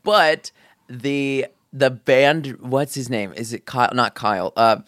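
A man's voice: medium pitch, steady tone, slow, fairly bright tone, dry recording, clean studio sound. A man co-hosting a casual podcast chat, rambling with restarts and laughing often. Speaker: podcast co-host. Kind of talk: casual chat among friends.

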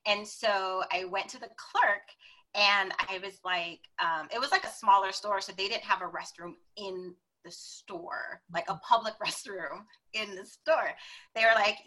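A woman guest telling stories in a casual interview, animated and acting out the voices she quotes. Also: mid-range voice, a little slow, low-quality recording.

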